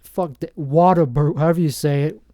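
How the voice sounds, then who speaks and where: A man in his forties from New Jersey, hosting a rambling comedic monologue with deadpan, self-mocking asides. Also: a little high, a little fast, dry recording, clean studio sound. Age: 40s. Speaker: comedian host.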